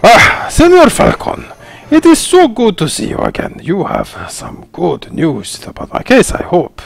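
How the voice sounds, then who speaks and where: A man voicing a suave male fox con man with a put-on Spanish accent, talking in a smooth, theatrical, drawn-out way over game music. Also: high-pitched, huge pitch swings, no echo, full character voice. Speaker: game player voicing characters.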